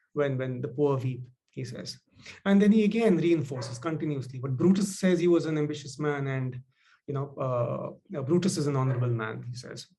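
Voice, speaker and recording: Male speaker, casual explanatory talk, halting delivery with many fillers, slightly high pitch. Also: dark tone. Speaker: speaker on leadership.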